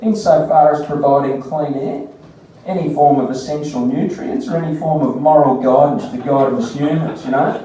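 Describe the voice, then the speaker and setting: A man's voice: a little high, steady tone, moderate pace, warm tone, a little hiss or hum. A man with an Australian accent doing a crude stand-up comedy set, telling stories with mocking voices. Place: comedy bar stage. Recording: very echoey bar, distant mic.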